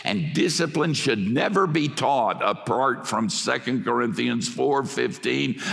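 An older man preaching a sermon emphatically, swinging from hushed passages to shouts. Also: medium pitch, a little slow, vocal fry, few pauses. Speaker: pastor. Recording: long hall reverb.

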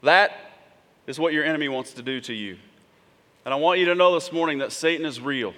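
A man's voice: on the high side, fairly quick, sharp tone. A man preaching a sermon as pastor, talking to the congregation in a conversational way and checking in with frequent asides. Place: church sanctuary. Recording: long hall reverb.

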